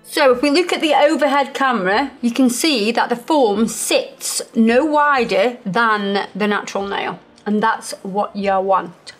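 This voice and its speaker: A woman's voice: a little high, a little slow, faint music behind. A woman from the English Midlands with a slight lisp, chatting as she walks through a nail tutorial. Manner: chatty, explains steps as she works. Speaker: nail technician and channel host. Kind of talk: chatty tutorial while working.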